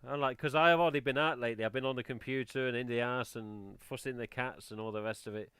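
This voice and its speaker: A man's voice: medium pitch, fast talker, fairly bright tone, smooth, dry recording. A man hosting a casual livestream, chatting in a rambling, self-interrupting way. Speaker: livestream host. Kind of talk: casual chat.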